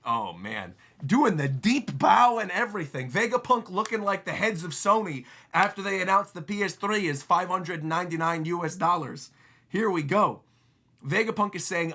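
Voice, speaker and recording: An excitable male streamer reacting live, hopping from point to point and laughing along the way. His voice is bright and forceful, and his pitch swings all over. He sits a little higher than most men. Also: fairly quick. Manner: excitable, jumps between thoughts, laughs often. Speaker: livestream host reacting to comics. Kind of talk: casual livestream reaction.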